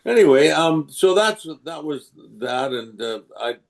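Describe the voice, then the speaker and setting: An older Englishman with a fairly high, unhurried voice and some vocal fry. He's a guest voice actor in a casual interview, telling stories with animation and slipping into character voices.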